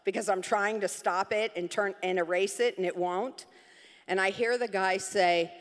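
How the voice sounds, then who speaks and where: A woman's voice: mid-range voice, moderate pace, long reverb tail. A woman giving a personal testimony on a church stage, telling her story with laughs and acted-out quotes.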